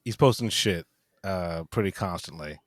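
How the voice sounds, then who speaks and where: A man co-hosting a casual podcast, chatting in a loose, relaxed way. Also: sits low, normal speed, dry recording, studio quality. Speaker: podcast co-host. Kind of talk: casual film and TV chat.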